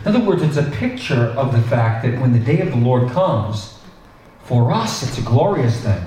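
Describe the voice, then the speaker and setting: A male pastor preaching a sermon in a conversational, animated way, with asides and restarts. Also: medium pitch, moderate pace, slight background noise. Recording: echoey hall, distant mic.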